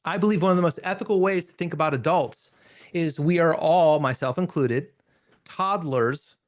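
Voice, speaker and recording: A man teaching confidence techniques as an NLP trainer at a live seminar, speaking conversationally and acting out short examples in changing tones. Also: on the high side. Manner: energetic, conversational, acts out examples in varied tones.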